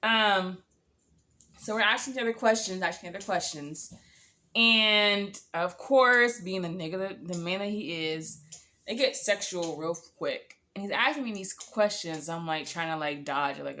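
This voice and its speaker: A storytime vlogger tells a story to the camera in a fairly low, slightly slow voice that is bright and forceful. Candid and blunt, she swears freely while quoting herself and others in asides, rambling with exasperation.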